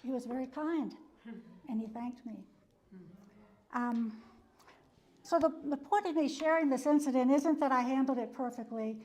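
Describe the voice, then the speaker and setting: At a church wellness talk, a psychologist with a high, darkish-toned voice speaks at normal speed and pauses often. She relates a personal story casually, leaning on "um" and "you know" and chuckling frequently.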